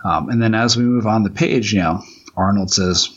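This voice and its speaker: A man's voice: lowish voice, lo-fi sound, slight background noise. A man who writes comics, talking through his own book on a casual commentary track, rambling and often restarting his sentences. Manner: rambling, halting, many restarts and fillers.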